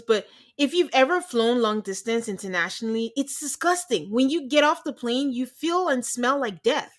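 A woman's voice: on the high side, moderate pace, hardly any pauses. Chatty American woman recapping a show. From United States. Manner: animated, laughing, acting out quotes. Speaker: podcast co-host. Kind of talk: casual chat recapping a reality show.

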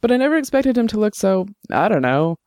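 An earnest young woman with a soft, raised voice, as a man reads her, caring and serious. The sound is smooth, close and dry, an audiobook character lifted above his plain narration. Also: high-pitched, big pitch swings, fast, no echo, pitched above the performer's own voice.

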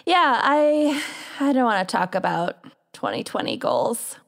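A woman's voice: fairly high pitch, wildly swooping pitch, a little slow, creaky. A young woman, co-hosting a podcast in casual chat. She talks in a giggly way and swears freely. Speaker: podcast co-host.

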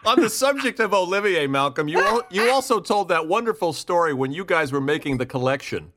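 Eager male podcast co-host, lively pitch. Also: a little fast, slight background noise. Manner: eager, prompts the guest for stories. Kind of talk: casual podcast chat.

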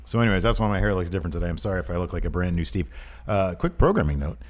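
A man with a low voice co-hosts a podcast, talking rapid-fire. He chats casually and rambles in an animated way, tossing in jokey asides.

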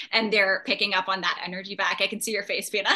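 Bright-voiced reassuring woman guest. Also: mid-range voice, steady tone, fairly quick. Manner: reassuring, explaining patiently. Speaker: guest parenting creator. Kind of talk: casual podcast chat.

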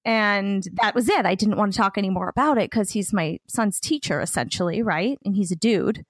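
A woman's voice: mid-range voice, a little fast, few pauses, no echo. A woman in her thirties co-hosting a podcast, chatting casually and telling funny stories about her kids with frequent laughter. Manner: animated storyteller, laughs often. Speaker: podcast co-host. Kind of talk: casual chat.

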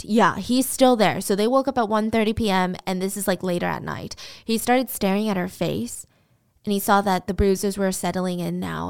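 A woman's voice: medium pitch, clear, resonant tone. A woman retelling a true crime story in a casual, conversational way with personal asides.

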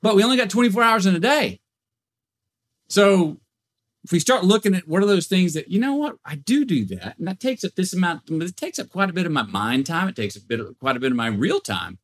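A man guesting on a podcast, talking in a folksy, drawn-out, reflective way. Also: high voice, sing-song. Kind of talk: casual chat.

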